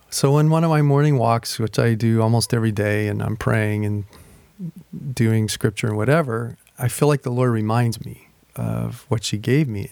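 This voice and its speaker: A man preaching as a pastor, telling a personal story in a slow, reflective way and reading scripture aloud slowly. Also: mid-range voice, gravelly, a little mellow, no room sound. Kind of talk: sermon.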